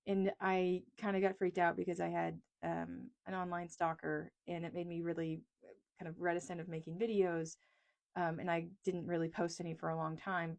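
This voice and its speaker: Chatty, frank woman economist from East Texas. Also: fairly low pitch. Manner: chatty, self-deprecating, frank. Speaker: economist and video creator. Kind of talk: casual talk to camera. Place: small closet. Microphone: lapel mic clipped on a pencil.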